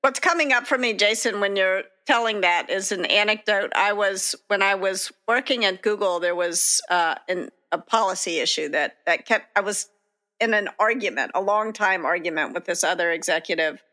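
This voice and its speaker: Woman podcast cohost, bright voice, candid and chatty, laughs at herself a bit. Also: mid-range voice, normal speed. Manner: candid, self-deprecating, laughs while telling stories. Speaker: podcast co-host. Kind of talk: reflective conversational storytelling.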